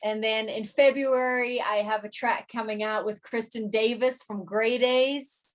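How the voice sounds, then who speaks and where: Interview guest: woman, slightly high voice, casual and stop-start. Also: steady tone. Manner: halting, many restarts and fillers. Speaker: musician and producer, interview guest.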